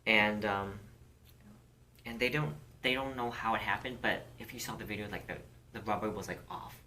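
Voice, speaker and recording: A woman's voice: a bass voice, steady tone, normal speed, bright, forceful tone, slight background noise. A woman co-hosting a casual podcast chat, candid and outspoken, swearing freely as she speaks with conviction. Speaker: podcast co-host.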